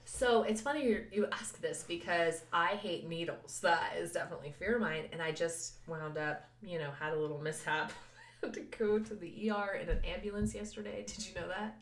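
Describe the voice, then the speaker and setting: Brief: lively woman podcaster, storytelling with laughs, roomy echo. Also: fairly low pitch, moderate pace, slight background noise. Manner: animated, laughing, acts out voices of others. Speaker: podcast co-host. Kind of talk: casual storytelling chat. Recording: echoey room.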